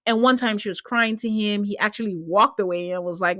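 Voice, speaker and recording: A woman hosting a podcast, chatting casually about a reality show. She talks in an animated way with quick asides and laughter. Her voice sits at a medium pitch and the sound is dry and close. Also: no room sound. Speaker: podcast host. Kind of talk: casual chat.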